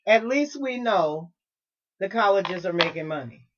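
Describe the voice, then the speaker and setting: Wry, lively-voiced woman co-host. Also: mid-range voice, a little slow. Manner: wry, playful interjections. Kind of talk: casual radio chat. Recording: dull lo-fi recording with faint noise.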